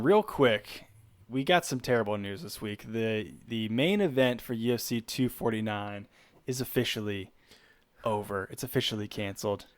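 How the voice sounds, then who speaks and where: A man's voice: on the low side, no echo. A man co-hosting a podcast, chatting casually and rambling with fillers on a close mic. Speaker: podcast co-host. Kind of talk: casual chat.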